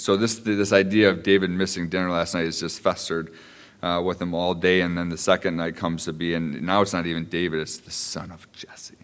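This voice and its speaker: A man's voice: sits low, fairly bright tone, clear, resonant tone, big-room sound. A man preaching a sermon in a conversational way, telling the story with frequent restarts and asides.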